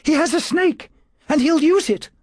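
A shrill young woman crying a warning in an audiobook, as a male narrator puts her on. Her voice jumps far above his own and comes out loud and strained. The sound is dry and close. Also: normal speed, no echo. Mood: alarmed.

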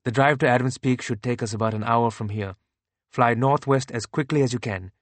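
A man's voice: mid-range voice, brisk, no echo, close to an everyday voice. A narrator reading Jayawardena, a grave, earnest man. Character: earnest man burdened by visions of the future. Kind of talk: audiobook character reading.

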